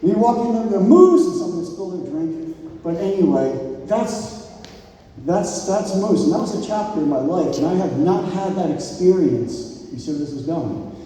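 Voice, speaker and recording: A man's voice: sits high, lively intonation, normal speed. A man in his fifties giving a rambling, joking and sentimental wedding toast as the groom's old friend. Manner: rambling, joking, sentimental, shouts out crowd cheers. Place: wedding reception hall. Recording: echoey hall, mic from a distance.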